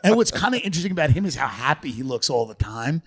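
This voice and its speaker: A man's voice: mid-range voice, sing-song, fast, a crowd in the background. A man co-hosting a comedy podcast, riffing loosely and putting on mocking impressions, often breaking into laughter. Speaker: podcast co-host. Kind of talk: casual comedic chat.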